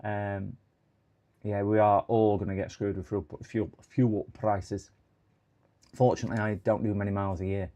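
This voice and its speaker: A middle-aged man with a slightly low voice talks casually to his live viewers. He rambles from one thought to the next and tends to work himself up into exasperated complaints. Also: level tone, normal speed, warm tone. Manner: rambling, chatty, given to exasperated rants. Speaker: livestream host. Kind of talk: casual live stream chat.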